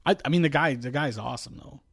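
A man's voice: medium pitch, fast talker, gravelly, a bit bright, dry recording, clean studio sound. A man hosting a casual podcast, telling stories wryly and arguing his point, with many fillers. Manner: wry storytelling, argumentative, trails off with fillers. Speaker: podcast host. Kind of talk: casual chat.

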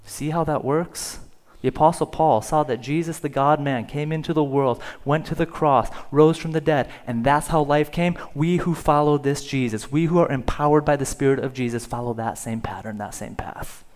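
A man's voice: fairly high pitch, moderate pace, hardly any pauses, a little mellow. A male pastor telling a story in a sermon. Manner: storytelling, rising in volume for dramatic moments. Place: church sanctuary.

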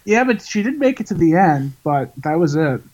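A man joining a casual podcast over a video call, joking and quick to redo a bit. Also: fairly high pitch, sing-song, darkish tone, lo-fi sound. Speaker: podcast co-host.

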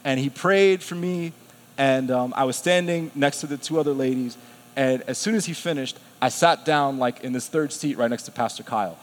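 A man preaching a sermon, telling a personal story with lively self-quotes and frequent laughs. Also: medium pitch, normal speed. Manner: animated, laughs often, quotes himself. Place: church sanctuary. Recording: long hall reverb.

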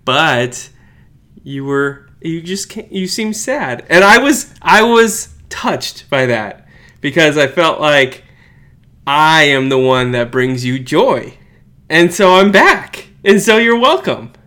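A man's voice: on the high side, very animated, slow pace, sharp tone. A man co-hosting a casual sports podcast from his home, teasing his partner and laughing often into a shared microphone. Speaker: podcast co-host. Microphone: shared studio microphone.

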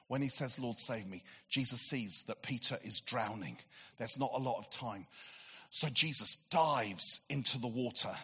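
A man preaching a sermon, telling a Bible story with animated delivery and acted-out voices, swinging from excited to hushed. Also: on the high side, slightly rough. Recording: long hall reverb.

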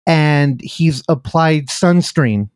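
Talking extremely slowly in a slightly high voice, this podcast host rambles casually about films, laughing a lot and cutting himself off mid-thought. The tone is clean, with no room sound and studio-quality audio.

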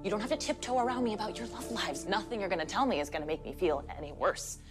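An actress as grieving firefighter Violet. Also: female voice, medium pitch, fast, close to an everyday voice. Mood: earnest. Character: grieving young woman firefighter asking friends for normalcy. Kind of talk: TV drama dialogue. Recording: TV clip with clear music underneath.

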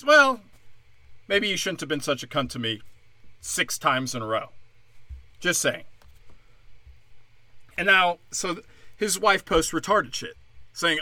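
Young man, sarcastic and swearing, high-ish forceful voice, dry close sound. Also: very animated, normal speed, long pauses, no room sound. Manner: angry, sarcastic, heavy swearing. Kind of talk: profane ranting monologue.

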